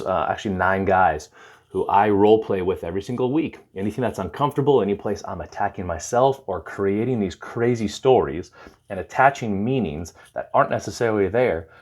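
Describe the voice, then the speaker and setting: A man talking to camera with advice, retelling a conversation and acting out the lines. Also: low voice. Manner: animated storyteller, acts out dialogue. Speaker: recovery counselor.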